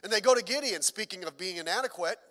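Middle-aged man, pastor, sermon, high voice, long hall reverb, chatty with jokes. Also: lively intonation, quick pace, bright, forceful tone. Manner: conversational, joking asides, repeats words.

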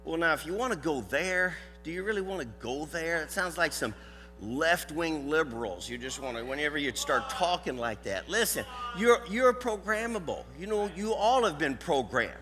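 An older man with a Southern US drawl preaches in a folksy, loud, animated way. His voice is bright and forceful. It rings through a hall with a long echo, and faint music sits underneath. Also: on the high side, moderate pace. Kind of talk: sermon with a live dog demonstration.

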